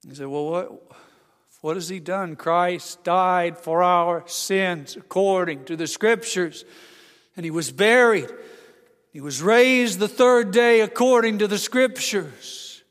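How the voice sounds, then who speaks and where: A man's voice: high-pitched, takes it slowly, fairly bright tone, clear, resonant tone. A man preaching a sermon as a pastor, emphatic and acting out the voices he quotes. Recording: long hall reverb.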